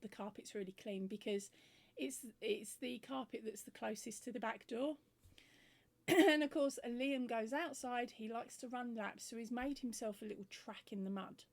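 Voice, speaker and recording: A woman's voice: fairly high pitch, normal speed, creaky. A woman vlogging about crochet, telling a funny home story in a chatty, giggly way and acting out both sides of the conversations.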